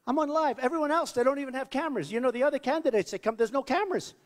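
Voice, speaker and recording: A man's voice: extremely high pitch, very fast. Man rambling at a rally, big echo. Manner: rambling, repetitive, boastful. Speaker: political candidate. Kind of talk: off-the-cuff campaign rally speech. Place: large rally venue. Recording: long reverb of a big hall.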